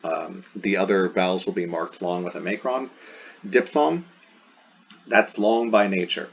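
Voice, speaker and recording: A man's voice: deep voice, unhurried, vocal fry, slightly rough. A man teaching a recorded lesson, explaining step by step and repeating sounds aloud. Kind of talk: recorded classroom lecture. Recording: dull lo-fi sound.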